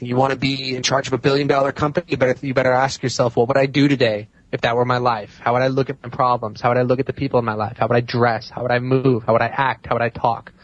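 A man's voice: medium pitch, no echo, muffled recording. A man speaking as a podcast guest, emphatic and repeating points for stress. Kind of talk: casual chat.

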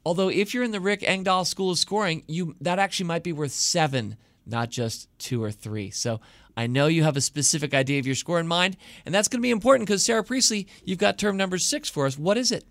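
A man's voice: high-pitched, a little fast, fairly bright tone, no echo. A man hosting a podcast, running a playful quiz with guests in a teasing, upbeat way. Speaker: podcast host. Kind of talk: casual podcast chat.

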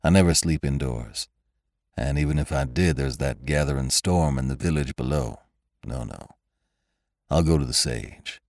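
A man doing a quiet laconic cowboy gunman. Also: moderate pace. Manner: low, quiet, drawling, folksy.

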